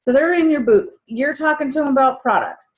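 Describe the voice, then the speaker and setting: A woman with a slightly high voice coaches new sellers in a loose, chatty way. She keeps slipping into little acted dialogues to show how a customer talk goes. The sound is dull and lo-fi. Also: brisk. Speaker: sales trainer. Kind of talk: casual training talk.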